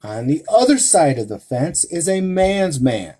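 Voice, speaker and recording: A man's voice: a little high, very animated, measured pace, few pauses, warm tone. A man hosting a live-stream advice talk, speaking emphatically to women listeners and asking rhetorical questions. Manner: addresses women listeners directly. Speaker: relationship advice host.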